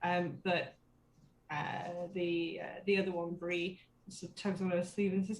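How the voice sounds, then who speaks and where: A woman's voice: on the low side, level tone, unhurried, echoey room, a little hiss or hum, poor audio. A woman narrating as dungeon master in a tabletop game, hesitant with many fillers.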